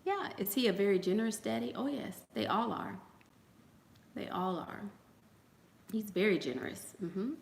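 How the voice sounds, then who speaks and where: A woman's voice: mid-range voice, lively intonation, moderate pace, creaky, long pauses, reverberant. A woman hosting a casual livestream, chatting with viewers and telling gossipy stories full of asides and fillers. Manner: chatty, gossipy storyteller who acts out quotes; frequent fillers and trailing asides. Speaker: host.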